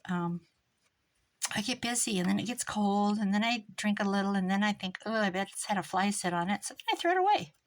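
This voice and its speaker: A woman's voice: mid-range voice, expressive, brisk. An older woman hosting a crafting tutorial, chatty and rambling, mocking herself and laughing often. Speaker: crafting video host.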